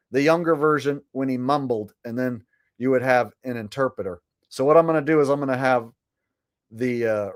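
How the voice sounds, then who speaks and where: A man hosting a casual livestream, rambling and swearing as he comments and reads chat. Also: medium pitch. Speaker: livestream host.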